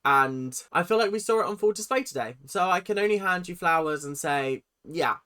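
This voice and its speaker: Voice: mid-range voice, normal speed, smooth. A person hosting a casual reaction video, chatty, opinionated and at times sarcastic. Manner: animated and opinionated, sometimes sarcastic.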